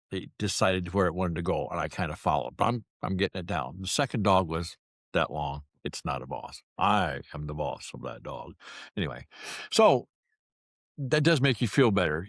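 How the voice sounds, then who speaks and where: A man's voice: deep voice, dry recording, studio quality. Wry, folksy man in his sixties. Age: 60s. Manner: wry, folksy, self-mocking humor. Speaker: vlogger. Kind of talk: casual storytelling to camera.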